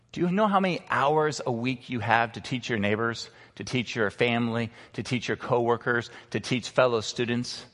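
A man pastor preaching a sermon, emphatic, slowing down to stress key words. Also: mid-range voice, fairly bright tone. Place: church sanctuary. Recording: long reverb of a large hall.

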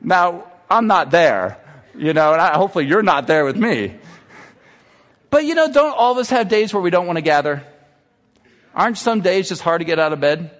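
A man's voice: high-pitched, animated, moderate pace, fairly bright tone. Earnest male pastor preaching in a reverberant hall. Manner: earnest, confessional, building to exhortation. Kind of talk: sermon. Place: church sanctuary.

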